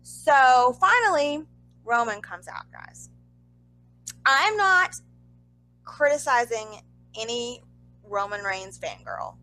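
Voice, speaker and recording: A young woman chatting on a podcast as co-host, her voice high and bright. She tells a story with big swings in pitch and throws in exasperated asides. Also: very animated, takes it slowly, pauses often, rough recording. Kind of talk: casual podcast chat.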